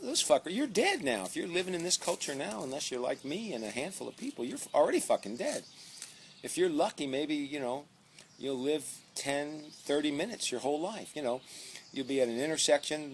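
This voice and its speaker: Male author, heated sarcastic rant full of swearing, very animated pitch, faint ambience behind. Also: slight background noise. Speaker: author commenting on his book. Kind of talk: profane comic rant.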